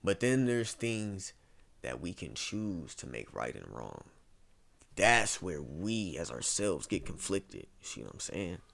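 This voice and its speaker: A young man from Ohio in his twenties talks casually as an interview guest. His voice sits a little low, and he rambles through stories, dropping "bro" into nearly every sentence. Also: very animated, measured pace, creaky, a bit bright. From Ohio, USA. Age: 20s. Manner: rambling storytelling, peppered with "bro".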